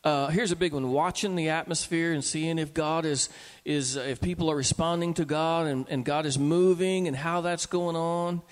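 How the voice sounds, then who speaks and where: A man preaching a sermon to his church, rising to loud emphatic peaks. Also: fairly high pitch, steady tone, normal speed. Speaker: pastor. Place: church sanctuary. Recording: long reverb of a church hall.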